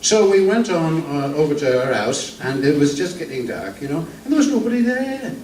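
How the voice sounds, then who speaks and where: A man's voice: a little high, sing-song, normal speed, a little mellow, pitched above the performer's own voice. An older man playing an old, henpecked music-hall comedian. He tells jokes in a rambling, stammering patter in a vaudeville routine. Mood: wry patter. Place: theater stage. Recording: echoey stage from a distance, faint room noise.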